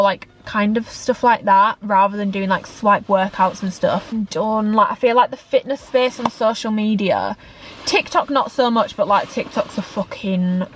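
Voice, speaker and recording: A woman's voice: medium pitch, slight background noise. A young woman, talking candidly in a chatty vlog about her work as a fitness coach and creator, rambling with lots of "like". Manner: candid, rambling, heavy use of "like".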